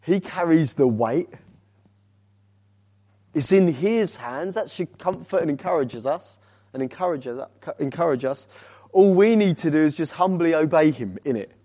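With a fairly high, expressive voice and a measured pace, a man preaches as a visiting speaker. He challenges the congregation through rhetorical questions and alternates between loud stress and hushed, weighty words.

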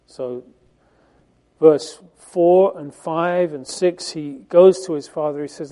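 A man's voice: on the high side, fairly even intonation, slow pace, dark tone. A man preaching a Bible-teaching sermon in a conversational, emphatic way, with frequent fillers and restarts.

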